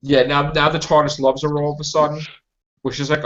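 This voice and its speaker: A man hosting a heated fan podcast, ranting with indignation and circling back to the same complaints. His voice sits a bit high for a man. The audio is dull and lo-fi. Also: flat delivery, brisk, a bit bright. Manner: indignant, ranting, repeats himself. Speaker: podcast host.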